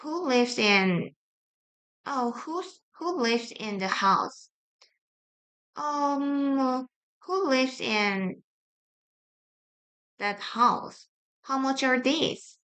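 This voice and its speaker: A woman whose first language is Korean, reading simple grammar practice sentences aloud, repeating each one with halting restarts. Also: high-pitched, expressive, a bit bright. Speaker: study-with-me streamer.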